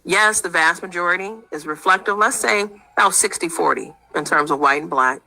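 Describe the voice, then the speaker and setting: Brief: woman radio interviewer, lower voice with gravelly fry, forceful delivery, rhetorical questions. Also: a little fast, low-quality recording.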